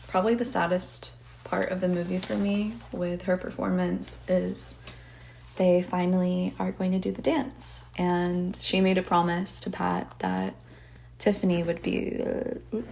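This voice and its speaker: A woman's voice: lowish voice, creaky, darkish tone, slight background noise. A young woman hosting a podcast, recapping a movie in rambling casual chat, full of filler words and swearing. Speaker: podcast host.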